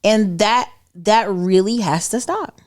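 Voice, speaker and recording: A woman appears as a guest on a casual podcast. She speaks expressively and acts out the people she quotes as she tells her stories. Her voice sits at an ordinary mid pitch for a woman. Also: takes it slowly. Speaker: podcast guest, digital marketer.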